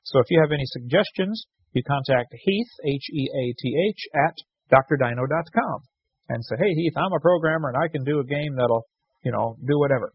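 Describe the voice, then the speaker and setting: Man, radio host, chatty and joking, husky voice, dry dull recording. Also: on the high side, animated, fairly quick, no echo. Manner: chatty, jokey, reads letters aloud and corrects himself. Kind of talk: casual radio talk, reading listener letters.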